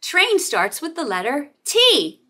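A woman teaching toddlers their letter sounds, talking very slowly and stretching each sound. Her voice is high and swoops widely in a sing-song way. The tone is bright and clear. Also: wildly swooping pitch. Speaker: children's teacher and host. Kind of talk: toddler phonics lesson.

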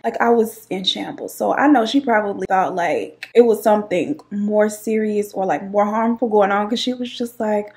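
A woman's voice: mid-range voice, vocal fry. A woman telling a dramatic personal story to her viewers in a sassy, chatty way. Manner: sassy, dramatic, calls listeners child and girl. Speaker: YouTube storyteller.

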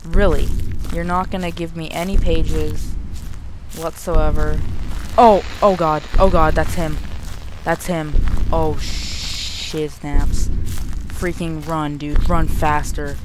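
Young gamer for horror let's play, jittery panicky muttering, slow delivery, noisy home recording. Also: medium pitch.

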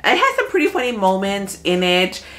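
A woman's voice: mid-range voice, big pitch swings, moderate pace, a bit bright. A young woman chatting casually to her viewers as she recaps the movies she watched, full of fillers. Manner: chatty, filler-heavy, talks straight to viewers. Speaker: movie review vlogger.

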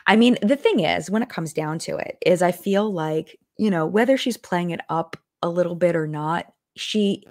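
A young adult woman chats casually on a live stream, rambling and restarting her sentences as she reacts to viewer comments. Her voice sits low for a woman. The sound is close and dry, with no room around it. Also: no room sound. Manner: chatty, rambling, lots of fillers and restarts. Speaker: host of a live chat stream.

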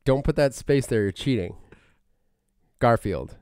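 A man co-hosting a casual podcast, playful and chatty, often letting his voice sink into quiet muttering. His voice is smooth and resonant, at a middling pitch. The sound is dry and close to the mic. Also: animated, unhurried, no room sound. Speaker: podcast co-host. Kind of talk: casual chat.

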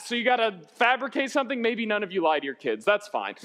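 A young pastor with a notably high, light voice delivers a sermon from the church. He talks loosely and jokes with the congregation, then slows into earnest, serious points. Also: huge pitch swings, bright, forceful tone, a little hiss or hum. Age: young adult. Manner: casual, joking preaching that turns earnest. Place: church sanctuary.

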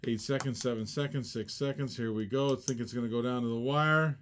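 A man's voice: mid-range voice, fairly even intonation, a little fast, a bit bright, a little hiss or hum. A man co-hosting a live toy car auction, playful and laughing as he calls out the bids.

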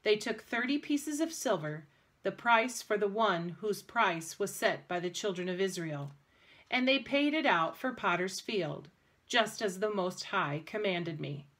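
A woman reads scripture aloud, even and measured. Her voice sits in an ordinary middle range. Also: mid-range voice. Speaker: scripture reader. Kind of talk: prerecorded scripture reading.

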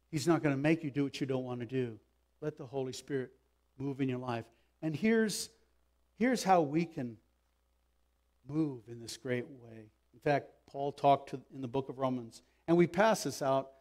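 A man preaching a sermon as pastor, swinging from loud emphatic bursts to soft asides. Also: normal speed. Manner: acts out quoted speech with raised pitch. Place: church sanctuary.

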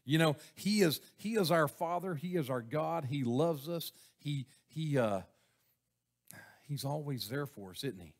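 A pastor delivers a sermon to his congregation in the church sanctuary, using a mid-range, expressive voice at a measured pace. His style is folksy, with chuckles and frequent questions to the people.

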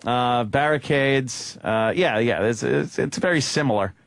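A man's voice: medium pitch, unhurried, no room sound. A man hosting a radio talk show, joking brashly and swearing freely. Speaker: radio host.

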